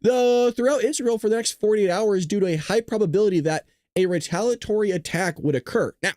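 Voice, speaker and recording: A man's voice: high-pitched, fairly quick, a little mellow, dry recording, clean studio sound. A man hosting a casual news commentary stream who swears, jokes, and keeps breaking into giggles, sounding tired from staying up late. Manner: profane, joking, breaks into giggling laughter. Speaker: host.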